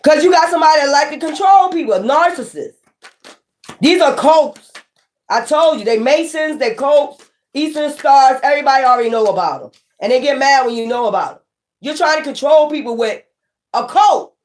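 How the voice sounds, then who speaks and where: A woman giving a casual tarot reading to viewers, emphatic and rambling, swearing freely, swinging from near-shouts to low muttering. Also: lively intonation, normal speed. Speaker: tarot reader.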